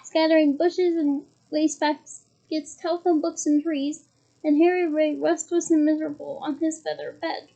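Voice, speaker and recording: A woman's voice: sits high, flat delivery, normal speed, gravelly, mellow. A woman reading a storybook aloud in a casual way, stumbling now and then and correcting herself. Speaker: reader. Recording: muffled lo-fi recording.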